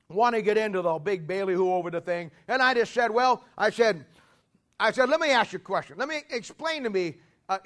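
A man preaching in a very high voice. He talks in a folksy, conversational way, jokes with his congregation and breaks into emphatic shouts to press a point. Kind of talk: sermon.

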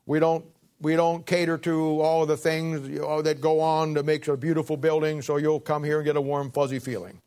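A man's voice: on the high side, level tone, darkish tone. Man preaching a sermon. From Ohio, United States. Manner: preacherly, swells up and slows down to read scripture; conversational asides with chuckles and throat clearing. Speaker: pastor.

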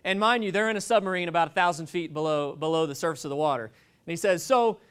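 Man, high voice, sermon, rambling, jokey, restarts. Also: fairly even intonation, fast, a bit bright, clean tone. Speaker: preacher.

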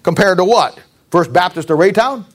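A man's voice: high voice, normal speed. A middle-aged male pastor preaching a sermon in a blunt, folksy way, with sarcastic asides.

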